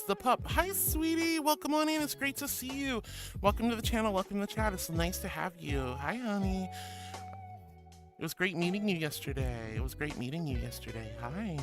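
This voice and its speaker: A woman streamer in casual live chat, sweetly gushing as she reads out chat messages and greets viewers. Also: fairly low pitch. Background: music.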